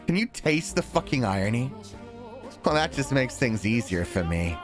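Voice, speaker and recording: A man's voice: mid-range voice, big pitch swings, normal speed, over music, lightly acted. A man voicing a scheming young woman who drops her sweet act, reading visual novel lines in a cold, sneering manner. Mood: gloating. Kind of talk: visual novel dialogue read aloud.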